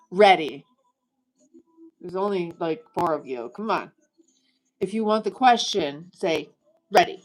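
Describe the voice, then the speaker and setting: A woman's voice: mid-range voice, poor audio. A woman in her fifties chatting on a livestream, rambling and joking as she talks straight to her viewers. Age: 50s. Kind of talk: casual livestream chat.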